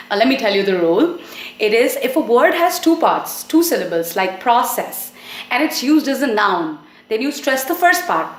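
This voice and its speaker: A woman giving a short English pronunciation lesson, explaining clearly and slowing down on example words. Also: a little high. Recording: echoey room.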